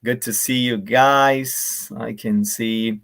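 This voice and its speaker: A man's voice: medium pitch, fairly even intonation, slow pace, fairly bright tone. A man giving a live online workshop, addressing viewers directly in a friendly way and demonstrating intonations aloud. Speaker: workshop presenter. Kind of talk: live online teaching talk.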